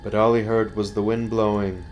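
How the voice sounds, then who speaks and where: A man reading a scary story aloud, slow and building suspense. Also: on the low side, level tone, music in the background.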